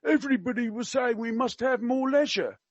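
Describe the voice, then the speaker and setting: A man's voice: very high voice, fairly quick, no room sound, lo-fi sound, pitched above the performer's own voice. A man doing a tactless old gent in mock Cockney. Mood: blunt. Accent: attempted Cockney. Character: blunt tactless elderly gentleman, mock Cockney. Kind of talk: comic impression in a podcast reading.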